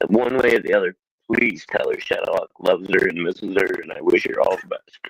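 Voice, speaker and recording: A man's voice: low voice, brisk, vocal fry, slight background noise, poor audio. A man co-hosting a casual livestream, stammering and swearing casually, upset and close to tears.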